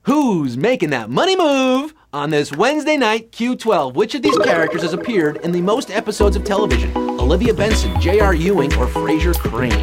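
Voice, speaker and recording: A man whose voice sits high and swings widely in pitch hosts a live trivia game. He reads questions briskly and jokes and puns between answers, backed by music.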